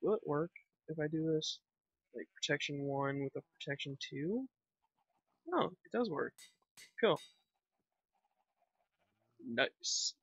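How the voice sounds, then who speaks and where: A man's voice: on the high side, takes it slowly, pauses often, fairly bright tone, husky, no echo. A young man chatting casually while playing a game, rambling and thinking aloud with lots of fillers. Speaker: gaming vlogger. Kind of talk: casual gameplay commentary. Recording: dull lo-fi home mic.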